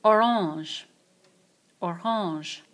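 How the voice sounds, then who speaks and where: A woman teaching French vocabulary in a screencast, saying each phrase slowly and then repeating it. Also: lowish voice, fairly bright tone. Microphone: tablet mic.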